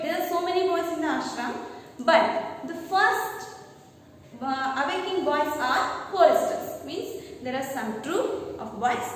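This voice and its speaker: A woman's voice: high voice, expressive, takes it slowly. A woman teaching a lesson. She reads a textbook passage aloud and explains it line by line, often asking "okay?". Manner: reads the text aloud, then explains it with frequent "okay?" and "means". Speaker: English teacher. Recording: very echoey room, voice far from the mic.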